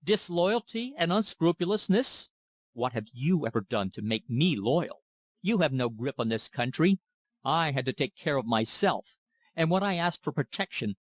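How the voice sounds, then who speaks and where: A man's voice: on the high side, dry recording. A man doing a drunken blustering trader. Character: drunken ranting middle-aged male trader.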